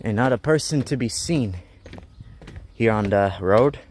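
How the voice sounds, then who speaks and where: A man's voice: fairly low pitch, a little slow, darkish tone, slight background noise. A young man rambling, joking and griping as he walks a rural mountain road, live-streaming from a handheld phone. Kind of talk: casual live-stream vlog.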